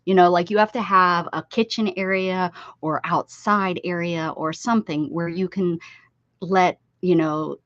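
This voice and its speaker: A woman's voice: lowish voice, steady tone, measured pace, fairly bright tone, no room sound. An older woman hosting a casual craft livestream from her desk at home, chatting loosely and answering viewers as she works. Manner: chatty, reads chat aloud and answers viewers. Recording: slightly dull lo-fi stream audio.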